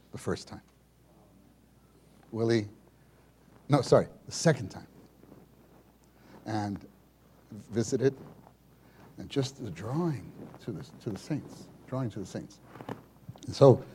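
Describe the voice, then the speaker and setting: A man telling a personal story at a church meeting, animated and acting out the people in it. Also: lowish voice, a little hiss or hum. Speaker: speaker sharing a testimony at a church meeting.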